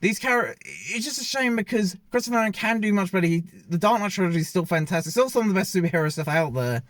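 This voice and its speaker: A man's voice: sits high, animated, fast talker, fairly bright tone, dry recording. Rambling man reviewing films. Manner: rambling, opinionated, often correcting himself mid-sentence. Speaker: film reviewer. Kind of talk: casual opinionated movie review. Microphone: self-filmed camera.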